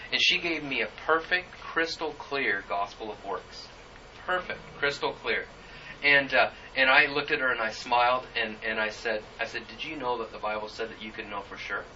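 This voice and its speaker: Male preacher, earnest and halting, very bright tone, muffled church recording. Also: medium pitch, distant mic, a little hiss or hum. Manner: earnest, halting storytelling with many fillers. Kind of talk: sermon with personal story.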